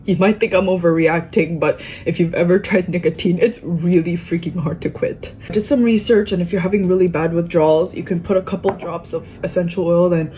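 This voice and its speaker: A woman's voice: on the low side, steady tone, a little fast, few pauses, warm tone, a little hiss or hum. A woman speaking earnestly and sincerely in a personal vlog. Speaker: vlogger.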